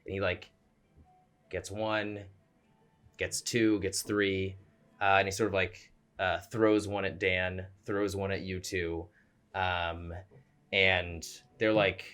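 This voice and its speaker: A man's voice: low-pitched, flat delivery, takes it slowly, long pauses, a bit bright, clear, resonant tone, faint music behind. A young man narrating a tabletop game as game master, rambling with many fillers, on a home mic over a voice call.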